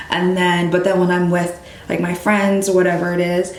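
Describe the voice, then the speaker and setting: A woman's voice: fairly low pitch, moderate pace, hardly any pauses. A young woman vlogger talking casually to her camera, telling stories and acting out what other people said. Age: young adult. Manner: animated, quotes others in lively voices. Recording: echoey room.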